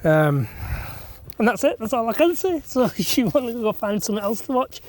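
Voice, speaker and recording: A man's voice: very high-pitched, sing-song, fairly quick. A man, rambling and self-deprecating as he chats to camera while laying blocks on an outdoor building site. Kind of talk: casual vlog chat while working. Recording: noisy outdoor recording.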